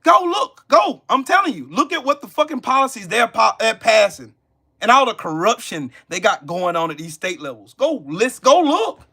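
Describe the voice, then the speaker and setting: A Southern American man hosting a live stream, his voice bright and high for a man. He talks bluntly and profanely and hammers his points through repetition. He keeps breaking off to answer the chat. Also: very animated, normal speed, slightly rough. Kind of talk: live stream politics rant.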